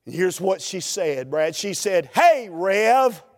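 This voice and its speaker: A man, a preacher telling a humorous story in a folksy, animated way during a sermon. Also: fairly high pitch, a little slow, big-room sound.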